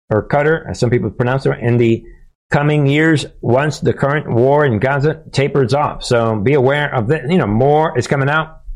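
A man hosting his own commentary channel, talking straight to his audience in a loose monologue. His voice sits in a middle pitch, and his delivery is emphatic, full of punchy asides and repeated catchphrases. He restarts his sentences often as he goes. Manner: talks straight to viewers with frequent restarts. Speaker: host of a political commentary channel.

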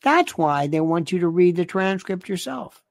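A man's voice: sits high, lively intonation, moderate pace, creaky, dry recording, clean studio sound. A man hosting a livestream, talking in a casual, sardonic way and often dropping to a near-whisper. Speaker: livestream host. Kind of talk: casual commentary.

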